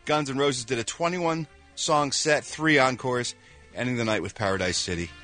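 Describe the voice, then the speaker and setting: A man from Philadelphia hosting a morning radio show, reading entertainment news in an animated, jokey way with quick voiced reactions. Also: mid-range voice, faint music behind. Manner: animated, jokey, with quick sound-effect interjections. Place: radio studio.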